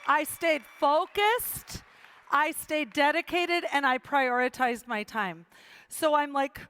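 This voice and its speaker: A woman's voice: high-pitched, unhurried, fairly bright tone, no room sound. A middle-aged woman giving a motivational speech to a live audience, telling her story with quoted dialogue and emphatic repetition. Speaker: motivational speaker.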